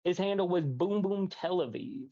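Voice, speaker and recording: A male caller on a voice call to a stream, talking in a rushed, calming way with many fillers. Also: sits high. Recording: dull lo-fi call audio.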